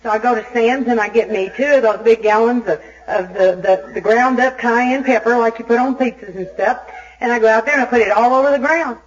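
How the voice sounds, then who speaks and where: A woman from Arkansas gives a recovery meeting talk as an Al-Anon speaker, telling her story in an animated, self-mocking way. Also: fairly high pitch, brisk. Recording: dull lo-fi tape recording.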